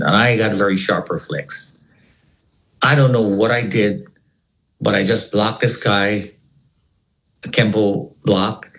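A man's voice: on the low side, low-quality recording. A man telling a gripping personal story as an interview guest, retelling it dramatically and repeating words for effect. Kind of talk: animated spoken storytelling.

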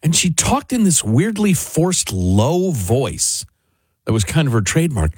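A man co-hosting a talk radio show, chatting in an animated way about a documentary. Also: on the high side, unhurried, slightly rough, no echo. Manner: animated, laughs while mocking. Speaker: radio co-host. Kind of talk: casual talk radio banter.

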